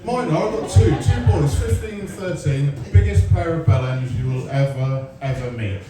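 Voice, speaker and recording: On a comedy club stage, a sarcastic, foul-mouthed Englishman in his forties tells stories and chats with the audience during his stand-up set. His fairly high voice moves at a normal speed, caught by a distant mic in a roomy live venue, with music, the crowd, and audience laughter in the background.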